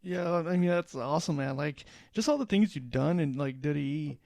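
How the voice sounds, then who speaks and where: A man co-hosting a podcast, asking a guest a rambling, halting question full of fillers. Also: fairly high pitch, gravelly, darkish tone, dry recording. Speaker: podcast co-host. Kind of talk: casual interview questions.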